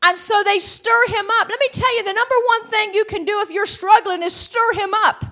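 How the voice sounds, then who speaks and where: A woman preaching a sermon. Her voice sits very high, and she swells from conversational asides into fervent, shouted declarations punctuated by hallelujahs. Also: brisk. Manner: rising to shouted fervor, calls of hallelujah.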